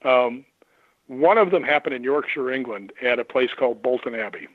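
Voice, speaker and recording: A man who investigates the paranormal, telling lively stories and acting out the voices of the people in them. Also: medium pitch, normal speed, dry recording. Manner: animated anecdotes, acts out quoted voices. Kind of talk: storytelling on a radio call-in. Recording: tinny phone line.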